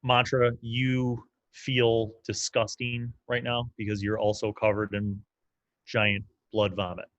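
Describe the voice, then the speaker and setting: A man's voice: fairly low pitch, level tone, takes it slowly, dry recording, highs cut off. A man narrating as game master in a casual, loose way, with lots of fillers.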